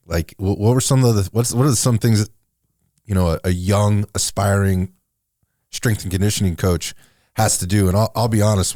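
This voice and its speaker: A man hosting a podcast with a low, easygoing voice, often agreeing with brief interjections. He asks questions in a loose, casual way. The recording is dry, with no room sound. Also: dry recording. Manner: relaxed, agreeable, short affirmations. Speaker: podcast host.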